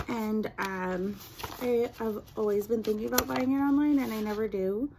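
Chatty woman with a gravelly fry. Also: on the high side, dark tone, slight background noise. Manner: chatty, rambling, self-deprecating asides. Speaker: vlogger. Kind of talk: casual unboxing review chat.

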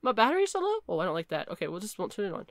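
A woman giving chatty, excitable commentary while playing a horror game and reading its text aloud. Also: mid-range voice, racing, no room sound. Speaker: gaming video creator.

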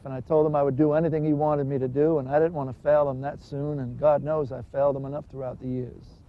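Earnest man telling his testimony. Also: fairly high pitch. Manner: earnest, dramatic retelling with voiced dialogue. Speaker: former gangster turned minister giving testimony. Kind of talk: personal testimony storytelling. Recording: dull lo-fi recording with faint music.

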